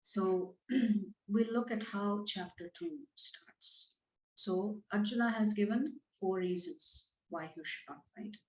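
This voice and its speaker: A woman's voice: mid-range voice, slow pace, a little mellow. Woman teaching in a roomy, dull recording. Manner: conversational, paraphrasing verses in plain everyday words. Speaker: scripture teacher. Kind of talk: explanatory talk on scripture.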